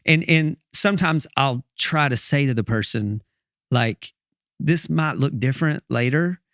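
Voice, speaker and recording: A songwriter guest on a podcast who talks earnestly and reflectively and thinks aloud. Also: male voice, mid-range voice, a little slow, a bit bright, no echo, clean studio sound. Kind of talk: casual interview conversation.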